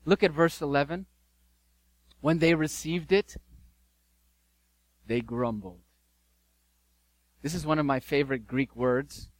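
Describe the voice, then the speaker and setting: A male pastor preaching a sermon, telling a story with emphatic repetition and dramatic pauses. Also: fairly high pitch, no room sound, poor audio.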